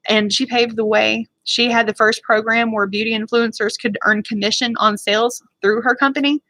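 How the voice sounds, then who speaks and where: Bright, fired-up beauty vlogger woman. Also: a little high, dry recording, rough recording. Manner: rambling, fired up, talks fast. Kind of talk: casual livestream chat answering viewers.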